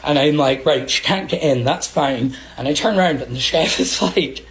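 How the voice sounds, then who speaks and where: A man telling a story about a chaotic shift at work in a casual, animated way. He laughs often and acts out the other people's lines. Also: a little high, moderate pace. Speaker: storyteller recounting a work incident.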